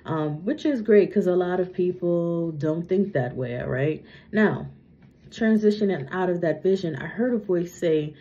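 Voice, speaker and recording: A woman's voice: low-pitched, normal speed, warm tone. A young adult woman doing a psychic reading in a casual monologue, chatty, tagging sentences with "right?" and "okay?", her speech a little slurred from a retainer. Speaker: psychic medium. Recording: muffled lo-fi recording.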